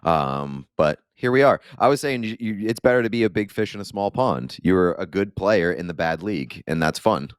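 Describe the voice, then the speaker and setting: A laid-back man co-hosting a sports podcast with a very low, deep voice. He makes dry quips into a handheld microphone, and the sound is close and dry with no room echo. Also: expressive, normal speed, hardly any pauses, clean tone. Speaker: podcast co-host. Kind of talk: casual sports chat.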